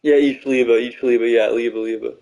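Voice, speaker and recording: A man chatting casually while streaming a game, rambling, self-mocking, full of halting restarts. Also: medium pitch, fairly even intonation, mellow, rough recording. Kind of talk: casual gaming chat.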